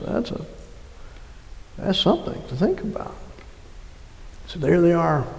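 Man, pastor, sermon, high voice, gravelly, animated scripture reading, long hall reverb. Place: church.

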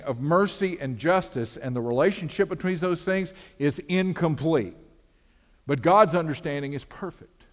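A man's voice: on the high side, expressive, normal speed. A man preaching a sermon as pastor, earnest and conversational, often repeating words as he builds his point. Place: church sanctuary. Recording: long hall reverb.

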